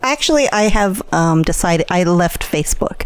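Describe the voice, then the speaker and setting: A woman's voice: on the low side, lively intonation, normal speed, clear, resonant tone. A middle-aged woman co-hosting a podcast, chatting in an easygoing way and often agreeing along. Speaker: podcast co-host. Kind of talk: casual chat.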